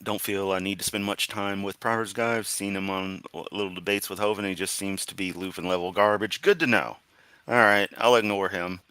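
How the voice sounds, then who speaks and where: Sarcastic tired streamer, bright dry voice. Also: male voice, low voice, steady tone, brisk, smooth, no room sound. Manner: sarcastic, rambling, with laughs and restarts. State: tired, yawning. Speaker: streamer reacting to comments. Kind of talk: sarcastic live-stream commentary.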